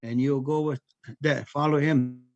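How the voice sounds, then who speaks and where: Man, traditional oral storyteller, unhurried, repeats words for emphasis, mid-pitched, dry close sound. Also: steady tone, dry recording, dull audio.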